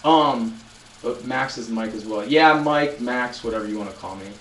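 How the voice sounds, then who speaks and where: A man's voice: mid-range voice, normal speed, fairly bright tone, far from the mic. Man in his twenties, casual live-stream chat, rambling with restarts, roomy echo, faint background noise. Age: 20s. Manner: rambling storyteller, many restarts, talking to chat. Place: loud room.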